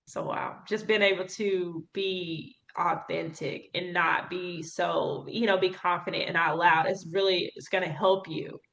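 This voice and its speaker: A woman's voice: on the low side, fairly even intonation, a little slow, creaky, hardly any pauses, a bit bright. A woman hosting an interview, speaking candidly and conversationally and laughing easily. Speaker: podcast host. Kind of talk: casual interview chat.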